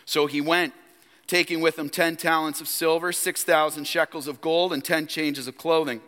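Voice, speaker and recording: A man's voice: a little high, steady tone, moderate pace, pushed and bright. A man preaching a sermon as pastor, emphatic and calling on the congregation to respond. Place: church sanctuary. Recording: long hall reverb.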